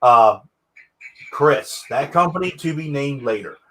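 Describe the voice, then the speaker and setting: A man hosts a casual interview chat over a video call, rambling loosely, repeating words and slipping into impressions. His medium-pitched voice is expressive, pushed and bright, with a measured pace.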